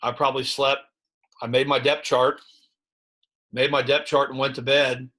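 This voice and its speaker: A man in his thirties with a Midwestern American accent, a high school head football coach, reflecting candidly in an interview with many restarts and fillers. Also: flat delivery, normal speed, pushed and bright.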